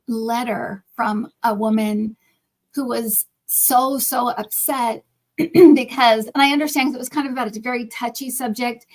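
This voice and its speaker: A middle-aged woman hosting a relaxed chat as a psychic reader, telling a personal story in animated bursts. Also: on the high side, rough recording. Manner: animated storytelling, hurried bursts then drawn-out words. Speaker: psychic reader and channel host. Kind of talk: casual chat.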